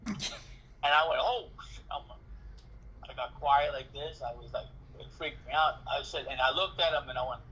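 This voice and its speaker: A man being interviewed, telling a story in a casual, animated way, acting out dialogue and swearing freely. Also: a little high, gravelly, slight background noise. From New York City. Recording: dull lo-fi recording.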